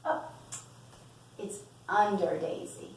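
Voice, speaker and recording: A woman's voice: mid-range voice, takes it slowly, gravelly. A woman preschool teacher reading a story aloud to young children and leading them in play, asking sing-song questions. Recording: echoey room, voice from far off.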